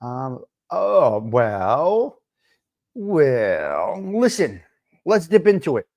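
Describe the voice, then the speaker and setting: A man's voice: medium pitch, huge pitch swings, drawn-out words, darkish tone. A man hosting a casual live-stream talk show, chatting loosely, rambling in asides and greeting viewers by name. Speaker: livestream talk show host.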